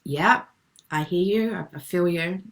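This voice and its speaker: Low, gravelly-voiced woman coach. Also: a little slow. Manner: gentle, affectionate, calls people darling. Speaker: wellbeing coach hosting a live session. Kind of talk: live-streamed chat reading out viewer comments.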